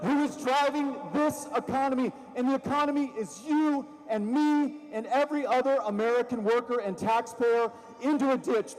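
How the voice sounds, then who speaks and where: A man giving a political rally speech from a stage microphone, impassioned and sarcastic, building to loud emphasis. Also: extremely high pitch. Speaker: rally speaker. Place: large rally venue with a crowd. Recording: long reverb of a large venue.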